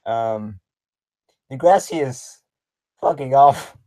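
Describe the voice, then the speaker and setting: A young man chats through a casual livestream, answering viewers in loose, rambling sentences packed with ums and the odd curse. His voice sits at an ordinary male pitch and sounds dry and close, with no room echo. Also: animated, takes it slowly, a little mellow. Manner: rambling, filler-heavy, blunt and profane. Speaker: livestream host answering chat.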